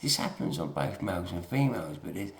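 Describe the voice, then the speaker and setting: A man's voice: deep voice, sing-song, fairly quick, creaky, echoey room, slight background noise. A man giving a rambling, emphatic monologue full of swearing and chatty asides. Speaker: video lecturer.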